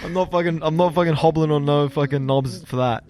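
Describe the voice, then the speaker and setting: A man's voice: a little high, fairly quick, over a noisy crowd. A man co-hosting a podcast, joking casually and calling people bro. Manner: jokey, lively, says bro a lot. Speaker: podcast co-host. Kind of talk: casual chat.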